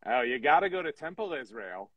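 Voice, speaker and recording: A man's voice: medium pitch, sing-song, fairly quick, lo-fi sound, a loud crowd. A man from Michigan who writes songs for a show, chatting casually on a podcast with joking, self-deprecating asides. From Michigan, USA. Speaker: songwriter guest.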